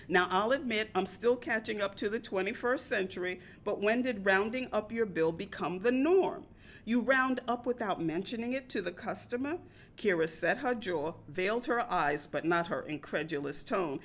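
A woman reading a personal story aloud in a wry, deadpan manner. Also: on the high side, normal speed.

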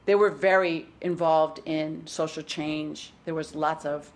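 Midwestern lady in her 60s chatting as a guest, thinks out loud, lots of ums. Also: low-pitched, fairly even intonation, a little slow. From Wisconsin, US Midwest. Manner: reflective, frequent fillers and restarts. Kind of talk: casual interview chat.

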